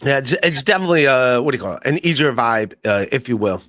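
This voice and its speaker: A man's voice: medium pitch, animated, fast, fairly bright tone, dry recording, clean studio sound. A man hosting a podcast, chatting casually and joking around with rambling asides and lots of fillers. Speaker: podcast host. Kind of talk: casual comedic chat.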